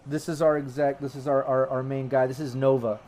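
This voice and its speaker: A man's voice: mid-range voice, flat delivery, fairly quick, darkish tone, a little hiss or hum, natural voice. A man voicing a tough young woman fixer in a tabletop game, sweary and stammering when upset. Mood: plain.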